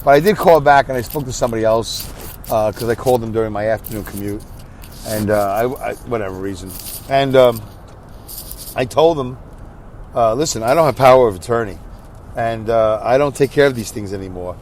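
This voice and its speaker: A middle-aged man hosts a casual podcast monologue from behind the wheel of his truck, exhausted, sleepy and rambling. His voice sits on the low side with a darkish tone, moves a little fast, and carries a faint hiss or hum. He comes across as tired and self-deprecating.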